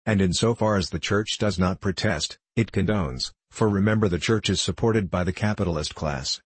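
A man's voice: deep voice, moderate pace, slightly rough, dry recording. A man voicing a fierce male socialist debater who argues insistently and without mercy. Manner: forceful, cutting, insistent.

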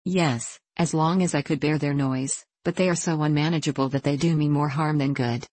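A peevish young wife, as a woman reader puts her on complains plaintively in a storybook reading. Her voice sits low and is recorded close and dry. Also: fairly even intonation, normal speed, a little mellow, no room sound. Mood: complaining. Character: peevish self-pitying young married woman.

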